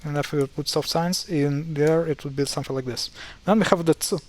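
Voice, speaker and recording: Man, young adult, casual tutorial, wry, exasperated, halting with fillers, slightly high voice. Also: steady tone. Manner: wry, mildly exasperated, many fillers and restarts. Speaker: language explainer. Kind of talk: casual screen-share tutorial.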